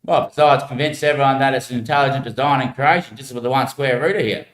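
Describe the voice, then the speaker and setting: A man's voice: medium pitch, fast. A man rambling in a meandering, musing monologue full of slang. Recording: echoey room.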